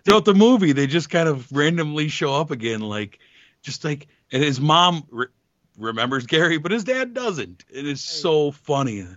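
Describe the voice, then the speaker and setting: A man chatting casually about a film, amused and quick to laugh. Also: on the high side, dry recording. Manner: amused, laughs often, lively intonation. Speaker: podcast co-host. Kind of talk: casual chat. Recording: dull dry lo-fi recording.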